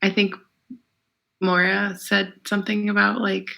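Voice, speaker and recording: Woman co-host, relaxed and reflective, bright tone with some vocal fry. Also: medium pitch, measured pace. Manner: relaxed, reflective, filler-heavy. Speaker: podcast co-host. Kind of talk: casual chat.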